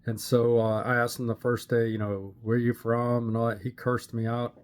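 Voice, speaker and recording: An older man from Pittsburgh, Pennsylvania, telling his personal faith story to a camera in an earnest, plain-spoken way with many "uh" pauses. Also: mid-range voice, flat delivery. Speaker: channel host sharing his testimony. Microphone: camera facing the speaker.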